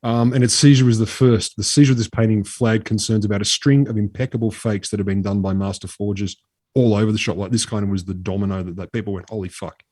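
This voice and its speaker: A man's voice: on the low side, fairly even intonation, quick pace, darkish tone, no echo, clean studio sound. A man co-hosting a podcast, telling a story in a chatty, swearing, casual way. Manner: chatty, swears freely, drops into mock voices. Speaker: podcast co-host.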